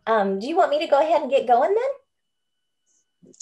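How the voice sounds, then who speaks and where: A woman's voice: high-pitched, big pitch swings, measured pace, darkish tone. A woman leading a book club over a video call, chatty and bubbly, laughing often. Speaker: book club leader and home coach. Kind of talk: casual online group talk.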